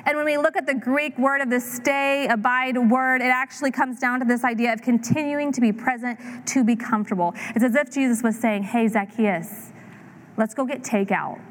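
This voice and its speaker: A woman in her thirties preaching a sermon, telling a story with lively acted-out voices. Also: sits high, fairly quick, few pauses. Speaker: pastor.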